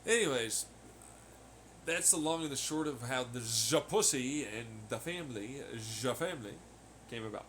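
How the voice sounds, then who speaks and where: A man hosting a podcast in a rambling, casual monologue, swearing freely, laughing often and getting loud when excited. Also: mid-range voice, moderate pace, slight background noise. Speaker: podcast host. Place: at home on laundry day.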